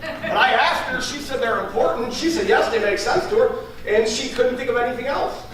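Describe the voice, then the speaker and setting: A man who talks fast while teaching a sales class, acting out his pitch to clients and often checking in with "all right?". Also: fairly bright tone. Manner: fast-talking, keeps asking "all right?". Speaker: sales trainer. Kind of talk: training talk with role-played sales pitch. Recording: very echoey room from far off, faint noise.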